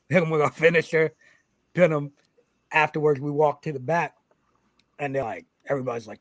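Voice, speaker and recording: A man who is a pro wrestler telling a story on a podcast, animated and profane, acting out what people said. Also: a little high, fairly quick, dry recording. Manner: animated, profane, acts out quotes. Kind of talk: casual storytelling.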